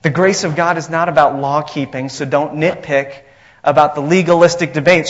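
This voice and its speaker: Male pastor preaching, kinda high voice, punchy and repeats himself, dull lo-fi sound. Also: fairly even intonation, normal speed. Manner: emphatic, repetitive, asks congregation questions. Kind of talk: sermon.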